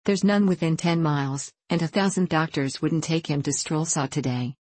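A scornful old colonel from a storybook, gruff and curt, with a sneer in every word. A woman plays him in a low voice that stays dry and close to the mic. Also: moderate pace, darkish tone, dry recording. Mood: blunt.

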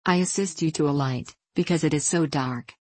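A woman's voice: low voice, moderate pace, a little mellow, slightly rough, dry recording. A woman reading the lines of a polite, whimsical male fairy guide in a storybook, in a solemn, courtly manner.

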